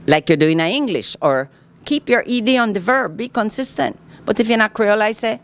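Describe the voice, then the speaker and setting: A woman's voice: mid-range voice, expressive, moderate pace. A woman with a Belizean Kriol accent, a guest educator explaining in a casual interview, teacherly and often checking that the listener follows. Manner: teacherly, checks understanding with "all right?".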